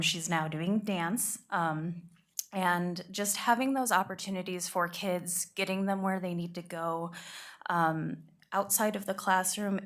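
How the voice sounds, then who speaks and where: Earnest low-pitched woman at a meeting. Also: a bit bright. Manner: earnest, appreciative, with fillers. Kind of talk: public meeting remarks.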